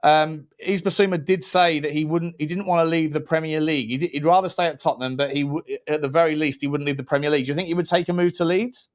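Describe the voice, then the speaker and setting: A man co-hosts a live football show, upbeat and playful with his audience. His voice sits a little high for a man. He talks chummily, like he is chatting with old friends. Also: steady tone, quick pace, hardly any pauses. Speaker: co-host of a football podcast. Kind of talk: casual live-stream chat with viewer shout-outs.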